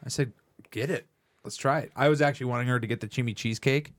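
A man co-hosting a podcast, telling animated stories in casual chat and swearing freely. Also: mid-range voice, quick pace. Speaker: podcast co-host.

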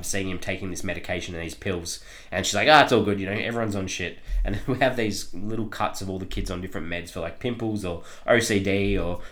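A man co-hosting a podcast, reviewing a film in casual chat, rambling with lots of ums and frequent laughter. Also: lowish voice. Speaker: podcast co-host reviewing films.

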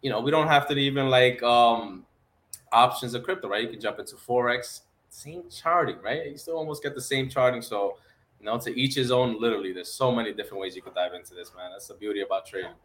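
A man co-hosts a casual trading podcast, chatty and emphatic as he makes his points. He often ends lines with "right?" and "man." His voice sits at an ordinary middle pitch. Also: quick pace, a bit bright.

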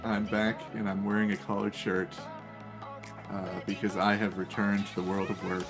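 Young dude cohost, low voice, dry deadpan jokes, faint music under it. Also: male voice, normal speed. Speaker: podcast co-host. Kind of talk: casual chat.

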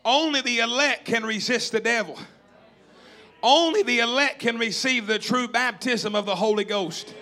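A man's voice: extremely high pitch, moderate pace, sharp tone. A man from Tennessee, preaching a sermon with emphatic, repeated calls to the congregation. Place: church or camp meeting hall.

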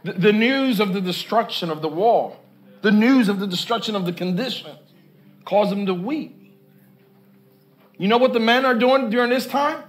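This preacher speaks at a moderate pace, his high-pitched voice full of lively intonation. In church, he reads scripture, breaks off to remark on it, and keeps pressing the congregation to respond to his repeated questions.

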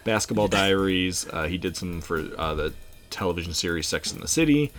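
A man co-hosting a podcast in casual chat, relaxed, with many fillers and frequent laughs. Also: deep voice, a little fast, soft background music. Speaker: podcast co-host.

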